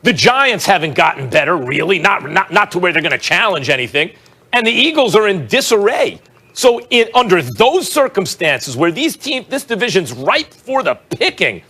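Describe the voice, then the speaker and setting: Man, sports panelist, bright tone, animated, acts out quotes. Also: high-pitched, slightly rough. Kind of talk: sports debate commentary.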